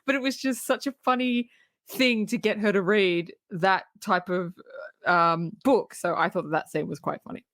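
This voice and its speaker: A woman co-hosting a casual movie review podcast who retells scenes with animated laughter. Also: medium pitch, normal speed, dry recording, studio quality. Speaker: podcast co-host.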